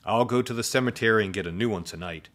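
A man voicing a friendly, easygoing zombie schoolboy in a storybook read-aloud, in a relaxed, chatty way. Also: on the low side, fast talker, lightly acted.

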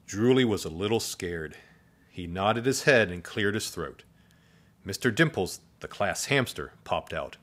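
Lively, expressive male storyteller. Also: lowish voice, measured pace. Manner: expressive, playful. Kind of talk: storybook read-aloud.

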